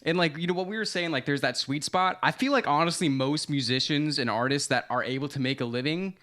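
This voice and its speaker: Podcast guy telling a wild story, bright punchy voice, kinda high, swears a lot. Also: brisk. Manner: animated storyteller, swears casually, acts out quotes. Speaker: podcast co-host. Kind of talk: casual storytelling chat.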